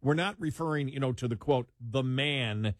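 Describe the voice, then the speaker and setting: A man co-hosting a talk show, speaking in emphatic, animated commentary with frequent laughs. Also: medium pitch, moderate pace, no room sound, studio quality. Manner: animated, emphatic, laughs while mocking opponents. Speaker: co-host.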